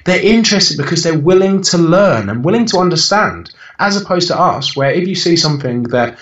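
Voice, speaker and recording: A man's voice: fairly high pitch, expressive, fairly quick, fairly bright tone. A man in his thirties, a podcast guest talking bluntly and animatedly, swearing freely and often restarting his sentences. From United Kingdom. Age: 30s. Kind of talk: casual interview chat. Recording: roomy, distant and dull-sounding.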